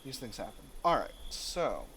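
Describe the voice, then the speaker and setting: A man's voice: medium pitch, big pitch swings, normal speed, fairly bright tone, slight background noise. A man hosting a let's play, reading game text aloud and thinking through his choices with hesitant fillers. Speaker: gaming channel host.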